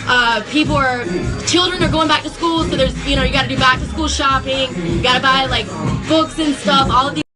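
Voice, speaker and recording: A woman's voice: high voice, fairly even intonation, a little fast. A woman exotic dancer livestreaming from a club on her phone, chatty and profane and out of breath. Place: nightclub, indoors. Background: loud club music.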